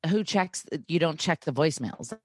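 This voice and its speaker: A woman co-hosting a podcast in casual chat, wildly animated and quick to burst out laughing. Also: deep voice, husky, no room sound. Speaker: podcast co-host.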